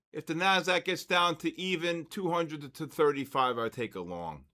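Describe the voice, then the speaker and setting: A man's voice: on the high side, normal speed. Older man telling stories, trading live. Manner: storytelling, then loud excited market calls. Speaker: trading session host. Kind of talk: live trading stream chat and storytelling.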